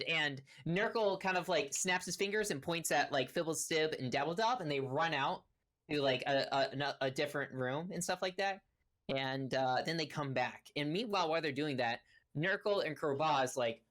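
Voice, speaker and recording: A woman with a low, somewhat bright voice narrates a tabletop game as its game master. She rambles, filling her speech with "like" and "kinda."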